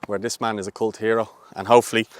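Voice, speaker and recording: A man's voice: fairly low pitch, flat delivery, fast talker. A man hosting a casual sports interview outdoors, with upbeat, friendly banter. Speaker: interviewer, host.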